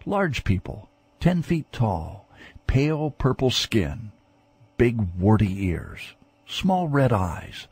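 A man narrating a fantasy novel in a dramatic, measured storytelling manner. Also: medium pitch. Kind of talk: scripted audiobook narration.

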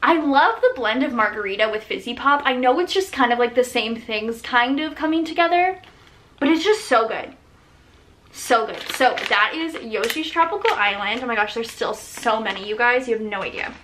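A woman in her thirties doing a casual product showcase vlog, gushing with enthusiasm and sometimes dropping to soft, breathy murmurs. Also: a little high, lively intonation, moderate pace, a little hiss or hum. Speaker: small business owner showing products.

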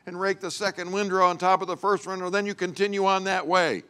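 A man voicing his harsh, impatient farmer father, who yells scornful orders at a child. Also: high voice, steady tone, fairly quick, voice pushed up. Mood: barking instructions. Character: harsh, impatient male farmer father, middle-aged, shouting.

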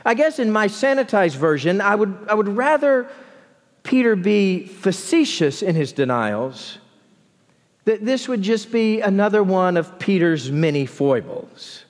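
Animated preacher in a reverberant church. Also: male voice. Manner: expressive preaching, dropping low and slow for emphasis. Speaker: pastor. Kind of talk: sermon. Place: large church sanctuary. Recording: long church hall reverb.

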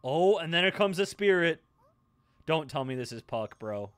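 A man's voice: fairly high pitch, expressive, moderate pace, no echo. A young man hosting an anime reaction, blurting questions, swearing at the screen and cooing over cute moments. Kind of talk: live anime reaction commentary.

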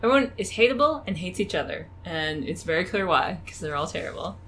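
Animated woman on a chatty podcast. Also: lowish voice, a little fast. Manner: animated, laughing, incredulous. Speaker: podcast co-host. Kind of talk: casual podcast chat.

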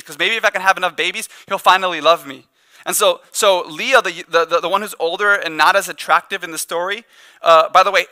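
A man preaching a sermon as the pastor, in a conversational, joking style with animated storytelling. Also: high voice, no room sound.

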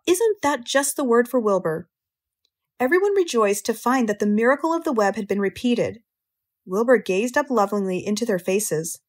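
An American woman narrates a children's classic in a clear, measured storytelling voice. Her pitch sits in the middle range, and she paces each sentence steadily for English learners. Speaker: audiobook narrator, English teacher.

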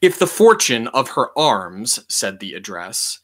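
A man reading a history book aloud in a measured, deliberate way, leaning on key words for emphasis. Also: mid-range voice, sing-song, fairly bright tone.

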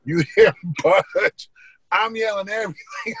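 A male comedian guest telling funny stories on a podcast, lively and acting out the people in them. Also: sits high, a little slow, slightly rough, no room sound, low-quality recording. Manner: lively, laughing, acts out voices. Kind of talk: animated storytelling.

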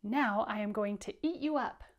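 A woman doing a slow, hungry storybook snake. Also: medium pitch, close to an everyday voice. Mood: menacing. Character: hungry sly male snake.

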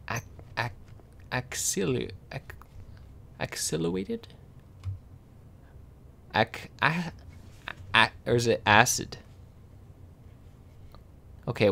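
A man casually reading dictionary words aloud, slowly sounding out hard ones, stumbling, correcting himself and adding dry amused asides. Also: mid-range voice, gravelly, pushed and bright.

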